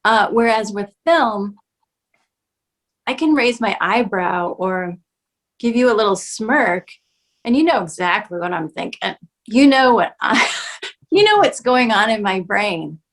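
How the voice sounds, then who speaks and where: A woman actor speaks slowly and thoughtfully as an interview guest on a video call. Her answer is measured, and fillers come up as she searches for the right words. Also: medium pitch, lively intonation, fairly bright tone.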